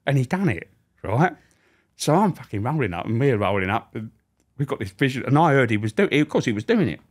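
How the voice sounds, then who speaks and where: A man's voice: medium pitch, big pitch swings, fairly quick, husky. A middle-aged man, a former prison officer, telling anecdotes as a podcast guest, swearing freely and acting out the people he quotes. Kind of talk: anecdotal storytelling.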